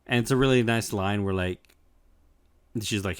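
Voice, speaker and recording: Relaxed lower-voiced male podcast co-host, swears and laughs freely, dry close sound. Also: normal speed, long pauses, clean tone, dry recording. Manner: loose and profane, laughs often, many fillers. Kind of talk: casual chat, recapping an anime.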